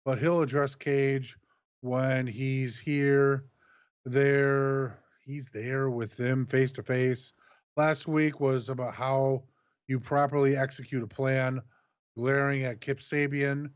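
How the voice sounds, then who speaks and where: A man's voice: medium pitch, fairly even intonation, takes it slowly, no echo. Matter-of-fact man with dull, muffled sound. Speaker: co-host recapping a wrestling show. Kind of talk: casual recap reading.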